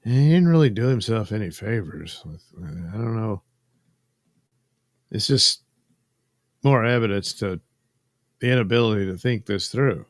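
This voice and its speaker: A man's voice: lowish voice, dry recording. A man hosting a casual commentary while coloring drawings, rambling and sardonic, trailing off into fillers. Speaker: host.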